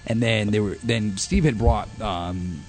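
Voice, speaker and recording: A man's voice: lowish voice, measured pace, faint music behind. A man in his thirties, a podcast guest, telling a rowdy story in casual chat with lots of swearing and laughter. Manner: animated, profane, laughing storyteller.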